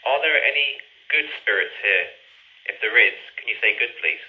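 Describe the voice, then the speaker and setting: Guy on a ghost hunt, asking the spirits polite questions, kinda dull lo-fi sound. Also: mid-range voice. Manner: polite, measured, repeats requests with please. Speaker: paranormal investigator.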